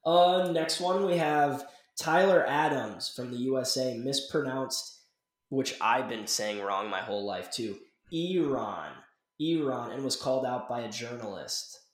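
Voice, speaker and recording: A young podcast host rambles in casual, laid-back chat, constantly saying "like" and "dude." His mid-range voice moves a little slowly, and the recording has a roomy echo.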